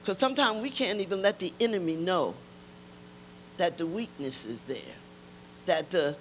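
A woman's voice: fairly low pitch, lively intonation, normal speed, long pauses, a little hiss or hum, rough recording. An older woman giving an emotional church testimony, emphatic and repeating key lines to urge her listeners.

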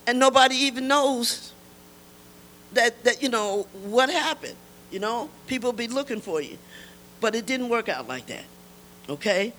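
A woman's voice: on the high side, expressive, unhurried, long pauses, fairly bright tone, rough recording. An older woman giving an emotional church testimony, emphatic and repeating key lines to urge her listeners.

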